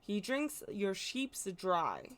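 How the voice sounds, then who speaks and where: A woman's voice: mid-range voice, wildly swooping pitch, very slow. A woman hosting a folklore channel, explaining in a chatty, rambling way with fillers and self-corrections. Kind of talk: casual explainer talk.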